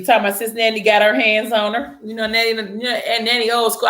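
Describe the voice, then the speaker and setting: A woman's voice: on the high side, quick pace, few pauses. Young woman retelling a story. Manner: animated, slangy, laughing asides. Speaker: book recap vlogger. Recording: roomy echo.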